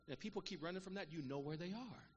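A middle-aged man preaching a sermon, calling out to the congregation and swinging between loud exhortation and quiet, earnest asides. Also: high-pitched, fast, highs cut off. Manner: call-and-response preaching, calls out "Amen" and "saints". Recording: long reverb of a large hall, faint room noise.

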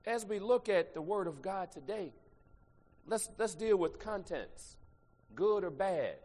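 High-pitched male pastor preaching, goes quiet then shouts, long church echo. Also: animated, measured pace. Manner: swings from soft asides to loud shouted preaching. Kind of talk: sermon. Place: church sanctuary.

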